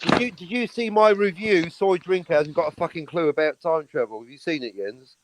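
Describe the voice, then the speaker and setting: Male livestream host, higher voice, brash, sweary ranter. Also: a little fast, poor audio. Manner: loud, profane, ranting. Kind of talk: casual livestream chat.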